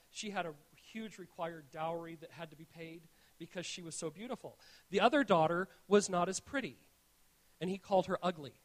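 A man preaching to his church, telling stories in an earnest tone and often restarting his sentences as he goes. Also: high-pitched. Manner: earnest, storytelling, frequent restarts. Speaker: pastor. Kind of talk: sermon.

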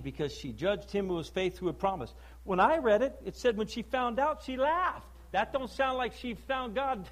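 A male preacher giving a sermon, emphatic and full of rhetorical questions, swinging between loud declaiming and low, quiet stress. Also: poor audio.

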